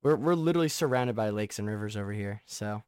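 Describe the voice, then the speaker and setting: A young man hosting a casual sports podcast who gets excited, rambles and often restarts his sentences. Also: lowish voice, fast, clean tone, no room sound, clean studio sound. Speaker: podcast host.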